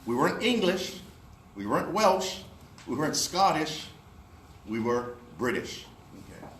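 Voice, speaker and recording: A man's voice: a little high, very animated, a little slow, a bit bright. A man giving a history lecture to a live audience, explaining step by step and often checking in with "right?" and "okay?". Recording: echoey room with faint noise.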